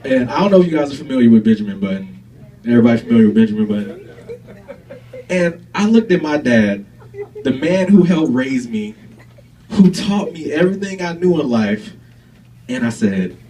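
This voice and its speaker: A man performing stand-up, spinning stories with an animated, swooping delivery. He chuckles at his own punchlines as he goes. The sound is picked up from a distance on a stage mic. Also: mid-range voice, normal speed, pauses often, a little hiss or hum. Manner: animated storytelling, laughs at own jokes. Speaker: stand-up comedian. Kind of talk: stand-up comedy set. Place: comedy stage before a live audience.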